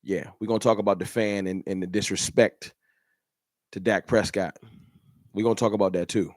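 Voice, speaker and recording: A man's voice: fairly low pitch, steady tone, normal speed, no room sound, clean studio sound. A man hosting a fan channel livestream, ranting in an emphatic, repetitive, slangy way. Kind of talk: livestream rant.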